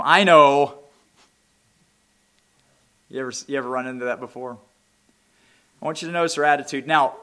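Bright-voiced preaching man. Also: medium pitch. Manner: preaching, rising to loud impassioned peaks; reads scripture aloud in King James wording. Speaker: pastor. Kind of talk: sermon.

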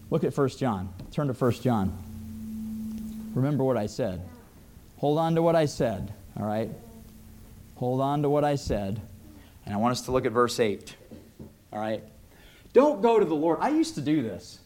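A man preaching a sermon with passion, dropping to a hush and rising to loud cries as he acts out the voices he quotes. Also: medium pitch, very animated, measured pace, long pauses. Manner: impassioned, swings from soft to loud cries.

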